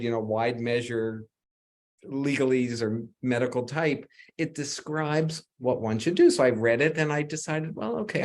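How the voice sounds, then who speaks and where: A man on an online design panel who tells a personal story in a relaxed way, acting out the lines of the people in it. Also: mid-range voice. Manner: relaxed storyteller, acts out quoted dialogue. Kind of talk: anecdotal storytelling in a panel talk. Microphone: video call.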